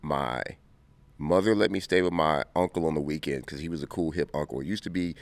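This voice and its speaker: A man in his fifties from Compton, telling stories as an interview guest, animated and quick to laugh. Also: rumbling low, no echo. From Compton, California. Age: 50s. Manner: animated, laughing storyteller who acts out scenes. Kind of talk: casual interview storytelling.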